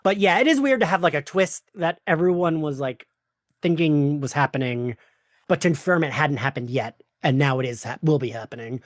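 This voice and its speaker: A man in his forties hosting a casual interview, enthusiastic and quick to laugh. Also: on the high side, expressive, dry recording, studio quality. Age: 40s. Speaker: podcast host.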